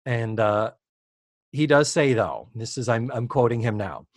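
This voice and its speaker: A man co-hosting a casual recap chat, animated and quick to laugh, acting out the characters' lines as he goes. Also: medium pitch, dry recording. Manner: animated, acts out quotes with big laughs. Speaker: podcast co-host.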